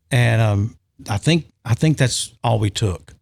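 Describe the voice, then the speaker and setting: A man's voice: medium pitch, measured pace, gravelly, darkish tone. A man telling an emotional story in a casual podcast chat, with frequent restarts. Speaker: podcast guest.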